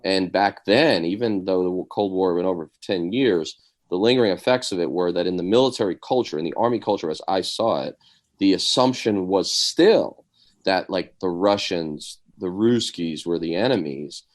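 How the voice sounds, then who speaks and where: A man's voice: deep voice, normal speed. A man in his forties, a podcast co-host and Army veteran, talking things through in a casual discussion, with lots of "like" and "um". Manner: thoughtful, many fillers like "like" and "um".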